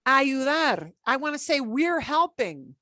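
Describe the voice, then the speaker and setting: Woman teacher, very animated pitch, dry close sound, encouraging, chatty. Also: dry recording. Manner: chatty, encouraging, drills words slowly. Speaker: Spanish teacher. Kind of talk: online beginner Spanish class.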